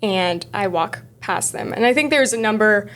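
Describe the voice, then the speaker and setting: A woman's voice: medium pitch, expressive, normal speed, a bit bright. Thoughtful woman interviewer. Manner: thoughtful, self-reflective questioning. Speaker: podcast host. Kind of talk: conversational interview.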